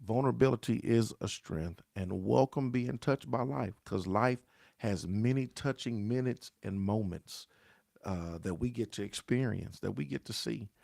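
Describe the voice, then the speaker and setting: A man's voice: lowish voice, normal speed, vocal fry, darkish tone, no echo, studio quality. A man, a pastor, giving a daily grief devotional in an earnest, conversational way, often repeating key phrases and calling his listeners y'all.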